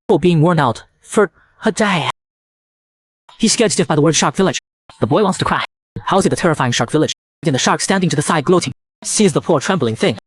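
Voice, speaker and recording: Fast-talking male comic recap narrator. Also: fairly high pitch.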